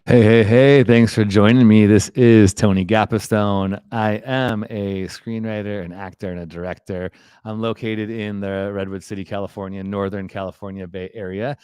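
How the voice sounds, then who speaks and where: A man's voice: fairly low pitch, fairly even intonation, moderate pace, a little mellow, clean tone, dry recording, clean studio sound. A man from Chicago hosting a casual live video chat, upbeat and chatty. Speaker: host. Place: home setup with branded backdrop. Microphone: video call.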